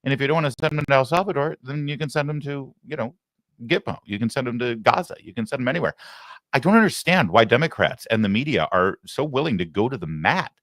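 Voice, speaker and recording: A man hosting a political talk show, giving emphatic, animated commentary at a studio mic. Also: medium pitch, quick pace, dry recording.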